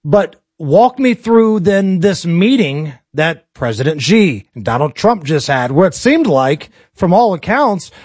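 An American man with a high voice hosts a talk show in a blunt, opinionated way, cracking jokes between questions. The sound is dry and close, with no room around it. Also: very animated, unhurried, few pauses, darkish tone, husky, dry recording. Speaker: show host. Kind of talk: casual political talk show chat.

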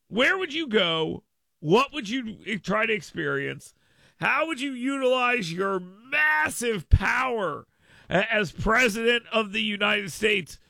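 A man's voice: sits high, creaky, pushed and bright, no echo, studio quality. A man hosting a radio talk show, riffing emphatically with listeners in a casual monologue.

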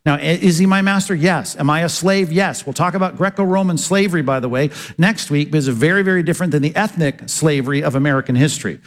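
Male pastor, slightly high voice, earnest sermon delivery with self-answered questions, hall reverb. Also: fast, few pauses. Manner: earnest preaching, rhetorical questions answered aloud.

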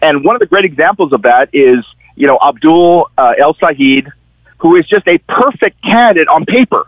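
A man's voice: a little high, expressive, normal speed, no room sound. A middle-aged man, a newspaper columnist and guest, telling stories animatedly and acting out the people he quotes. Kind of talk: conversational political commentary. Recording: tinny phone line.

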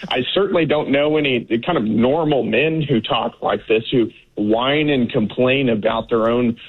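A man's voice: medium pitch, normal speed, breathy edge. A man from Texas, a guest in a political interview, talking in an emphatic, dismissive way with many fillers. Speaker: guest, congressman. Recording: phone-like remote line.

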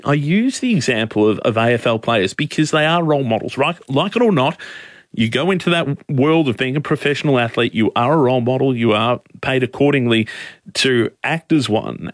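Australian man, radio talk host, forceful, opinionated, dry close studio mic. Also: mid-range voice, no echo. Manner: forceful, emphatic, repeats points. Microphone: studio microphone.

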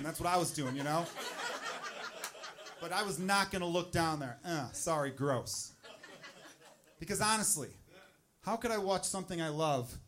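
A man's voice: a little high, a bit bright. A man doing a stand-up set with crude, exasperated storytelling. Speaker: stand-up comedian.

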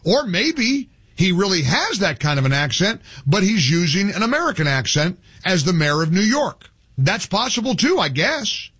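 A man's voice: sits high, normal speed, husky. A man hosting a talk radio show, delivering a heated, opinionated monologue with many restarts. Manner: heated, animated, stumbling restarts. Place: radio studio.

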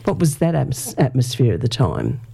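A woman hosting an interview, asking measured, leading questions. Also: very deep voice, wildly swooping pitch, creaky, mellow, husky.

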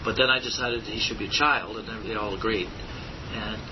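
A puppeteer in his seventies, telling stories in a halting interview with many pauses, recorded on muffled tape. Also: steady tone. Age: 70s. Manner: halting, many "uh"s, slips into voices. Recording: muffled recording with rumble behind.

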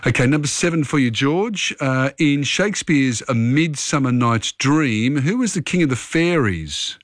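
A man hosting a radio quiz, reading questions briskly with quick asides. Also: mid-range voice, lively intonation, dry recording, clean studio sound. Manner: brisk, friendly quizmaster, quick asides and fillers. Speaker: radio host. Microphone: studio microphone.

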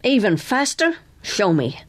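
A woman's voice: mid-range voice, very animated, measured pace, voice pushed up. A woman doing a brash male carnival barker. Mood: coaxing. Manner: brash, coaxing. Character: pushy male carnival shooting-gallery barker.

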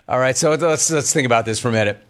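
A man hosting a sports talk radio show, joking and bantering quickly with callers. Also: medium pitch, a little hiss or hum.

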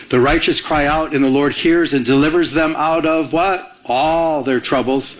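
A man preaching a conversational sermon, asking the congregation to fill in words and acting out the people in his stories. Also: medium pitch. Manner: conversational preaching with call-and-response questions; acts out characters in anecdotes with a raised voice. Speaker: pastor.

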